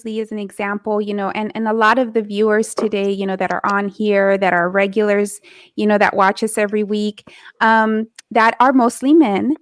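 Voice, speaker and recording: A woman co-hosting a casual chat, speaking haltingly with many fillers. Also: mid-range voice, flat delivery, no room sound, clean studio sound. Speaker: co-host.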